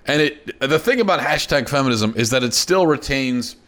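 A man hosting a podcast, losing his voice, talking in a sardonic, halting monologue and clearing his throat. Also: medium pitch, lively intonation, fairly bright tone. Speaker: podcast host. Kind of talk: opinionated solo monologue.

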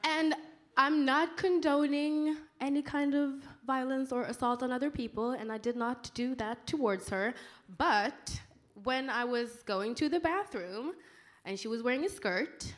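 Animated woman panelist, fairly high voice. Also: measured pace. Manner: animated, bursts loud and high in quoted outrage. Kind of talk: panel discussion storytelling.

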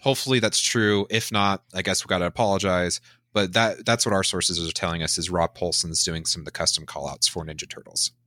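A man hosts a casual podcast in an enthusiastic, chatty way. His voice sits low but sounds bright and forceful. The sound is dry and close. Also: steady tone, brisk, dry recording. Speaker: podcast host.

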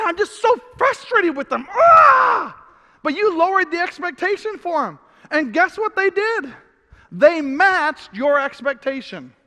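A man's voice: very high voice, sharp tone. A man preaching a sermon as pastor, emphatic, repeating phrases and crying out in frustration. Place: church hall. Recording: long hall reverb.

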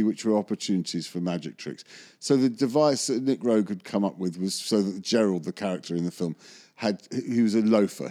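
A man's voice: low-pitched, warm tone. Rambling man telling a story. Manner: rambling, self-correcting, chuckling. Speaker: magician recalling film work. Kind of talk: anecdotal interview storytelling.

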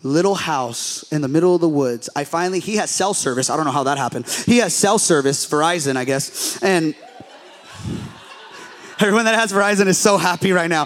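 A young man with a very high, light voice tells a story from the pulpit, playing it for laughs. He is a pastor who jumps into acted-out dialogue and keeps the pace animated. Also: moderate pace. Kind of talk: storytelling sermon.

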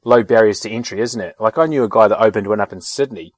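A man's voice: fairly low pitch, fast talker, no echo, studio quality. A man telling rambling anecdotes in casual chat, with fillers and swearing. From New Zealand.

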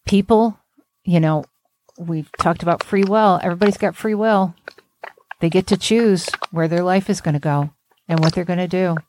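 A woman's voice: lowish voice, normal speed, a little mellow, slight background noise. A woman therapist hosting a podcast, talking bluntly and emphatically with salty language. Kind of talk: candid podcast conversation.

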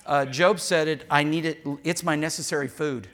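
A male pastor preaches in a church in a bright voice lifted slightly above the usual male range, a little high, with fairly even intonation at normal speed. He speaks candidly to his congregation, dropping in joking asides and acting out bits of dialogue.

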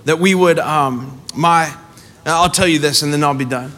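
A man preaching a sermon as pastor, passionate, building to shouted exhortation. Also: on the high side, normal speed. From family roots in the American South. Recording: faint music under the voice.

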